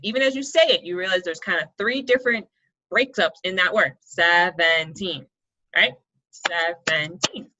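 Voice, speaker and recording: Fairly quick and expressive at a medium pitch, a young woman teaches kids poetry in an online class while background noise carries on. Her style is encouraging and step by step, with frequent "right?" and "okay?" check-ins, all captured in dull lo-fi audio.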